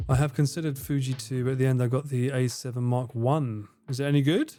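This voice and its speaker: This livestreamer is a man in his forties with a British accent, chatting through viewer comments from home as the AC hums, swearing freely and laughing often. His mid-range voice has a dark tone and fairly even intonation, moving fairly quickly over soft background music.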